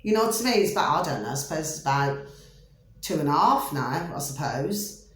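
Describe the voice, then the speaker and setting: A woman's voice: low voice, lively intonation, a little fast. A woman telling a long personal story in a rambling, chatty way, repeating herself and saying "you know" again and again. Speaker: storyteller sharing a personal experience. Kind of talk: rambling casual monologue. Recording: very echoey room.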